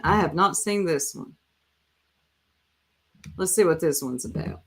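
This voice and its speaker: A woman's voice: low voice, expressive, measured pace, long pauses, fairly bright tone. A woman hosting a casual live reaction stream, chatting and talking straight to her viewers. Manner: chatty, addresses viewers directly.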